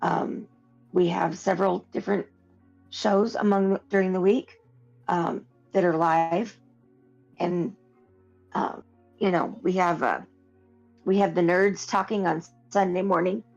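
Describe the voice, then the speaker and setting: A woman's voice: fairly low pitch, steady tone, unhurried, gravelly, pauses often, darkish tone. A woman co-hosting a horror podcast in casual chat, rambling with restarts and fillers. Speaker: podcast co-host. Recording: dull lo-fi audio with faint music.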